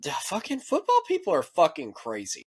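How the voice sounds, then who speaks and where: An American man co-hosting a podcast, ranting casually and profanely, mimicking other people in quick asides. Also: a little high, breathy edge. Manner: profane, animated ranting with mock quoted voices. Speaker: podcast co-host. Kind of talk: casual chat.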